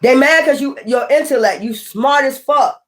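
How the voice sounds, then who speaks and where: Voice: high-pitched, moderate pace. Blunt, profane tarot reader. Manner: preachy, addresses viewers directly. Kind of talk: casual spiritual tarot reading.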